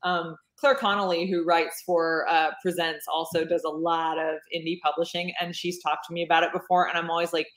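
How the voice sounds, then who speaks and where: A woman talks casually about her writing work in a slightly low voice, circling her points with fillers and restarts. Her voice carries a roomy echo. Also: flat delivery, brisk, few pauses, fairly bright tone. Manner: rambling, many fillers and restarts. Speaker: romance author. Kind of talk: casual interview chat.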